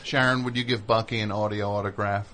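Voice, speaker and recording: A man's voice: fairly low pitch, steady tone, fast, sharp tone, slight background noise. A man hosting a comedic call-in radio show, joking, teasing and telling stories. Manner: joking, teasing, tells stories with put-on voices.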